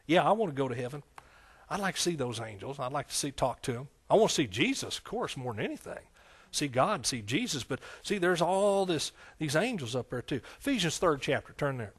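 A man's voice: mid-range voice, slightly rough. A man preaching a folksy, conversational sermon, with frequent amens and hallelujahs. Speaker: pastor.

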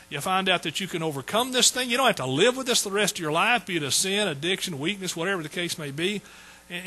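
A man's voice: high-pitched, sharp tone, slightly rough, low-quality recording. A man preaching a sermon in a folksy, joking way. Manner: folksy, joking asides to the congregation. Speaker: pastor.

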